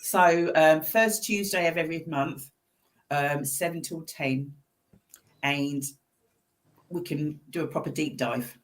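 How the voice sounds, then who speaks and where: A woman's voice: deep voice, slow pace, long pauses. A woman co-hosting a community show in casual, upbeat chat. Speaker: co-host.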